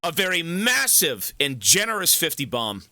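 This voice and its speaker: A male live streamer chatting casually and thanking donors, excitable and effusive, swearing freely. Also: fairly high pitch, moderate pace, dry recording, studio quality.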